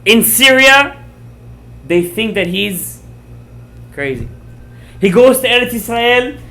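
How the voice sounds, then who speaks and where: A man teaching a Torah class as a rabbi, telling a story with lively acted-out quotes, mixing in Hebrew terms and checking words with his listeners. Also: extremely high pitch, slow. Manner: animated storyteller, acts out quoted lines, checks words with the audience; mixes in Hebrew and Aramaic terms.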